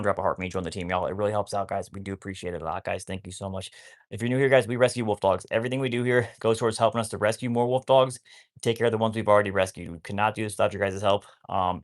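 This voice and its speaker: A man rambling casually to viewers on a live stream about rescuing wolfdogs, often cooing at his dogs. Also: on the low side.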